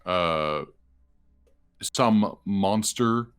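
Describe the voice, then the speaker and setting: A deep-voiced man running a tabletop roleplaying session as dungeon master. He talks slowly and evenly, laying out rules and describing what the monsters do. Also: clean tone. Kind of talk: running a tabletop game over voice chat.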